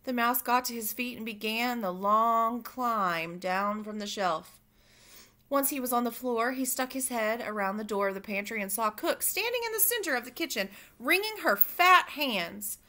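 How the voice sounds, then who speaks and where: A woman reading a children's book aloud, expressive and pausing for asides to her listeners. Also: on the high side. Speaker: reader. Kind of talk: storybook read-aloud for children.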